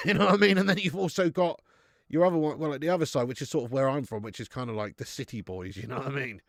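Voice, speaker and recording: A man's voice: mid-range voice, fast, no room sound, studio quality. A man with a Dorset accent hosting a live football watch-along, chatting casually with viewers, calling them lad and mate, swearing freely and laughing often. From Dorset, England. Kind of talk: casual live commentary and chat reading.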